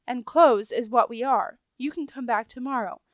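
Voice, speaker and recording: A woman's voice: fairly high pitch, normal speed, no room sound, close to an everyday voice. A woman voicing an elderly, portly male rat who runs a message office, flustered and apologetic with a stammer. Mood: fussy.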